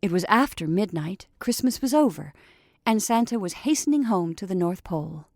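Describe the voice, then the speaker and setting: A woman's voice: mid-range voice, lively intonation, normal speed, a little mellow, no echo, clean studio sound. Woman reading a storybook aloud. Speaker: storyteller podcast host.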